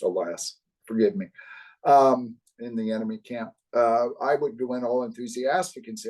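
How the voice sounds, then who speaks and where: An older man from the US East Coast, a guest in a casual interview, telling wry, animated stories. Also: mid-range voice, moderate pace, poor audio. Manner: wry, animated anecdotes with acted quotes. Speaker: guest, author.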